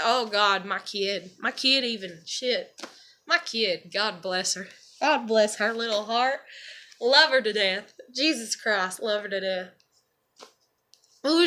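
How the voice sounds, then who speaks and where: Woman vlogger, somewhat high and bright-voiced, casual rambling delivery, salty language. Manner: rambling, swears freely, leans on "you know" and "like".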